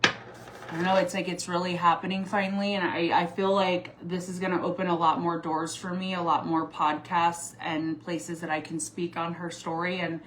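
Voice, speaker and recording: A woman's voice: fairly low pitch, flat delivery, moderate pace, fairly bright tone, slight background noise. A woman in her forties chatting on a livestream in a rambling way, with many fillers and restarts, teary at times. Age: 40s. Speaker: vlogger and mom. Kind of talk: casual livestream chat.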